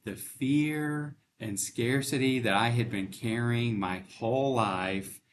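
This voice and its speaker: Middle-aged man, interview guest, earnest storyteller, acts out the voices, mid pitch, faint room noise. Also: slow pace. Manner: earnest storytelling, emotional, acts out quoted dialogue. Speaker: bank CEO, guest. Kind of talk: conversational testimony in an interview.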